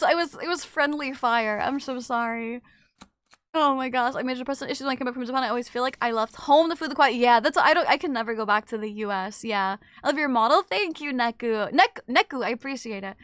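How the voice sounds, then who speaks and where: A woman streamer chatting casually with her chat, apologetic and bubbly, quick to gasp and laugh. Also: fairly high pitch, fairly bright tone, clean tone, no room sound.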